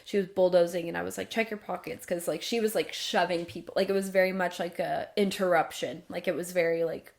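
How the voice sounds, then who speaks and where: A woman's voice: on the low side, steady tone, fairly quick, gravelly, few pauses. A young woman co-hosting a podcast in casual chat, full of "like" and "literally". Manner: chatty, heavy use of "like" and "literally". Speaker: podcast co-host.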